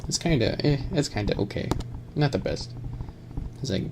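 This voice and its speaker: A man's voice: fairly low pitch, animated, moderate pace, gravelly, pauses often. A man streaming on camera, chatting casually in a rambling, jokey way and laughing often. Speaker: ASMR streamer. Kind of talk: casual live-stream chat. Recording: noticeable background noise.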